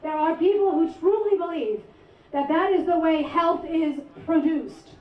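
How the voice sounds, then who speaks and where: A woman professor born abroad giving a measured, articulate speech to a rally crowd. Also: very high voice, slight background noise. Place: outdoor rally over loudspeakers. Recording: echoey distant lo-fi rally sound.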